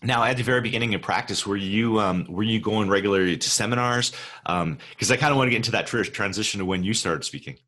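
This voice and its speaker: A man's voice: lowish voice, quick pace. A man hosting an interview, asking questions and giving brief affirmations. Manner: brief affirmations, lively intonation. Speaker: podcast host.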